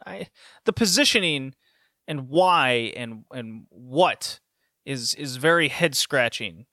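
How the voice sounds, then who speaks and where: A man hosting a casual podcast, animated and laughing often, with rambling asides. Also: mid-range voice, slow pace, no echo, studio quality. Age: adult with a university degree. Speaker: podcast host reviewing wrestling shows. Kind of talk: casual chat.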